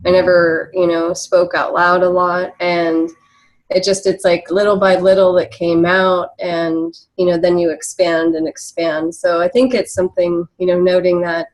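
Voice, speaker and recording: Soft-spoken low-voiced woman. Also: flat delivery, normal speed, low-quality recording. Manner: soft-spoken, thoughtful, hesitant. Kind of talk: casual spiritual discussion.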